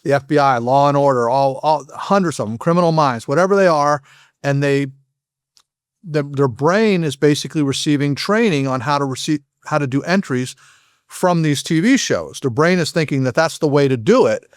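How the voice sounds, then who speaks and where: A middle-aged man talks fast in a podcast interview, with frequent restarts and self-corrections. His voice sits a little high for a man. The recording is dry and close. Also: clear, resonant tone, no room sound. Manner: fast, rambling explanations full of restarts. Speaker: guest, former SWAT operator and FBI agent.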